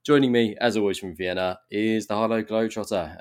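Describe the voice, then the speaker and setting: Guy hosting a footy podcast, lowish voice, chatty, asks the panel stuff. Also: fairly even intonation, brisk, a little mellow, clear, resonant tone. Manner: chatty, leads the discussion with questions. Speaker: podcast host. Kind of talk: casual football podcast chat.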